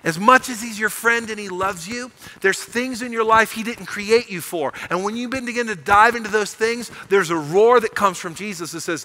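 High, bright-voiced preacher man. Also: moderate pace, low-quality recording. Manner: animated storytelling, rising to emphatic proclamation. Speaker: pastor. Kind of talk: sermon. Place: church sanctuary.

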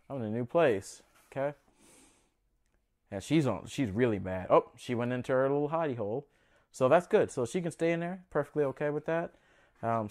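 Chatty young man with a lowish voice. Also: gravelly. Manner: chatty, nervous, talks to his animals. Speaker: pet keeper vlogger. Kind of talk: casual hands-on vlog narration.

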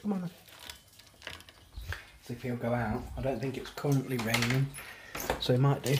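A British man rambles through a casual daily vlog at home, filming on a handheld phone indoors and filling his talk with fillers and restarts. His medium-pitched voice holds a steady tone at a moderate pace, with background noise in the recording.

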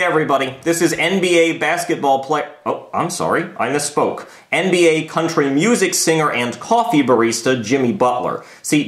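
A man's voice: fairly high pitch, fairly bright tone. Exasperated ranting man, echoey room. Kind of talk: comedic rant in a puppet skit.

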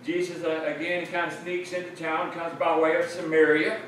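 A man's voice: fairly high pitch, level tone, normal speed. A man preaching a sermon, explaining a passage earnestly and repeating phrases for emphasis. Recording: very echoey room, mic at a distance, faint noise.

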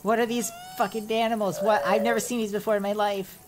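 A woman's voice: mid-range voice, little pitch movement, fast talker, over music, natural voice. A woman voicing a jumpy, blunt young female pony student in an improvised comic fan dub. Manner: jumpy, easily startled, blunt.

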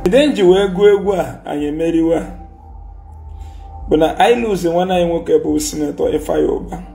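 Nigerian man, Igbo accent, heated rant, scolding and repetitive, high gravelly voice, faint background music. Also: brisk, dark tone. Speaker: commentator. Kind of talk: heated social media rant.

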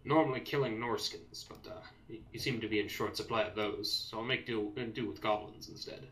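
A man's voice: on the low side, fairly quick, bright, forceful tone, low-quality recording. A man voicing a terse young male dwarf ranger in a tabletop game, in a matter-of-fact way.

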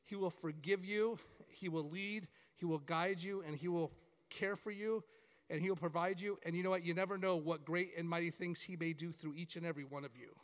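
A man's voice: fairly high pitch, fairly even intonation, a little fast. A middle-aged man giving a chapel talk to schoolchildren, encouraging and full of stories. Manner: storytelling, encouraging, acts out quoted lines. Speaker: camp staff speaker at school chapel. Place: large hall, chapel. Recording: long hall reverb.

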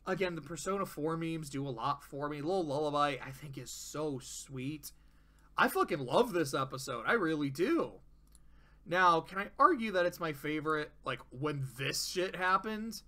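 A man giving casual, profane commentary on a cartoon, ranking its episodes and acting out the characters' lines in quick voices. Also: on the high side, expressive, sharp tone. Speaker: show reviewer. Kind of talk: casual tier-list commentary.

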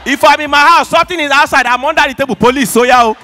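Nigerian stand-up comic, high bright voice, animated shouting delivery, faint music behind. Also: male voice, racing, a faint crowd. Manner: animated, shouting punchlines, mimicking squealing fans. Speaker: stand-up comedian. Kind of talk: stand-up comedy. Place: awards show stage.

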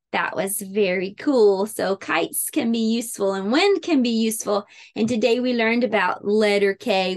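A woman teaching preschool circle time who reads a picture book aloud with expressive sound words. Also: on the high side.

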